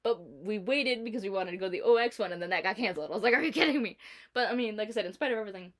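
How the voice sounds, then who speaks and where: A young woman vlogging at home, chatting and telling a story with animated quoting and laughter. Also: mid-range voice, racing. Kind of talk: casual chat. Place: indoors at home.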